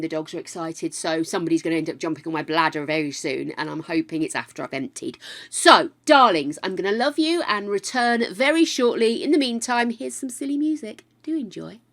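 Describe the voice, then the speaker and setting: An older woman streaming a game and chatting casually to viewers. She is effusive and excitable, swears freely, and calls people darling. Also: fairly low pitch. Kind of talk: casual live-stream chat.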